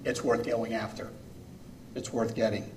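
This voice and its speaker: A man preaching a sermon as a pastor, earnest, pausing phrase by phrase and swinging between loud and soft. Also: lowish voice, little pitch movement, slight background noise. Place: church sanctuary. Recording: echoey room, mic far off.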